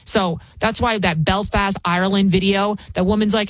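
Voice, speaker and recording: A woman's voice: mid-range voice, fairly even intonation, moderate pace, no room sound. A woman filling in as a talk radio host, speaking bluntly and scornfully, rambling with frequent restarts. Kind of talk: opinionated talk radio monologue.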